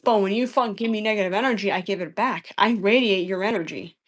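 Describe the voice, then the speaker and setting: A woman's voice: medium pitch, fast talker. A woman live-streaming a debate, answering chat questions in an exasperated, profane way and repeating herself.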